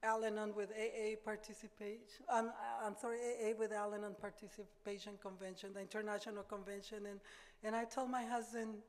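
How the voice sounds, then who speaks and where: An older woman giving an earnest, halting personal testimony at a recovery meeting, often repeating words as she gathers her thoughts. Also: mid-range voice, level tone. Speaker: speaker sharing her recovery story. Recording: reverberant hall.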